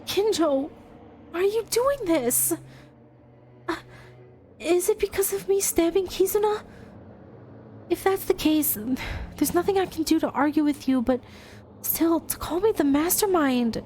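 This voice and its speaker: A woman's voice: extremely high pitch, a little slow, pauses often, darkish tone, a little hiss or hum, voice pushed up. A woman voicing a desperate young female student pleading her innocence in a murder mystery game.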